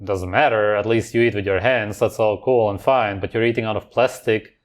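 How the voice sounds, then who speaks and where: A man's voice: on the low side, steady tone, fairly quick, faint music behind. Sarcastic man mocking a video. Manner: sarcastic, scornful. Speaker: reaction video host.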